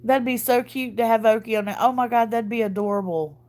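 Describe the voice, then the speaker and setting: A woman's voice: fairly high pitch, fairly quick, a little mellow. Lady chatting on a stream, worn out, giggly, keeps tripping over her words. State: tired from crying and little sleep. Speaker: livestream host. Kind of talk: casual chat.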